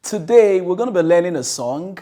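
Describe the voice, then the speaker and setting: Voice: mid-range voice, lively intonation, a little fast, dark tone. A teacher with a Nigerian accent teaching pupils a song in a sing-song, instructive way. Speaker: teacher contestant.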